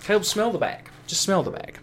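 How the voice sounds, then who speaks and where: A man co-hosting a casual podcast, joking and teasing as he talks. His voice sits a bit high and swings widely in pitch. Faint noise sits under the recording. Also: expressive, brisk, fairly bright tone. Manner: joking, teasing, rambling with restarts. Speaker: podcast co-host. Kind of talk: casual chat.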